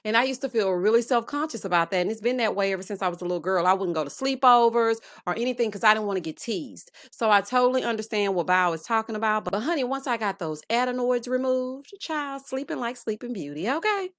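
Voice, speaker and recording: Sassy woman for a chatty TV recap, lively and expressive, dry close mic. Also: fairly high pitch, fast, hardly any pauses, dry recording. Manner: sassy, calls viewers honey and child, bursts of laughter. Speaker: reality TV recap host.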